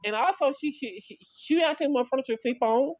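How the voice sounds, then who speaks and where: Woman livestream host, casual storyteller, repeats and restarts constantly, higher voice, dry muffled audio. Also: quick pace, no room sound. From Chicago area. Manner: rambling storytelling with many repetitions and restarts.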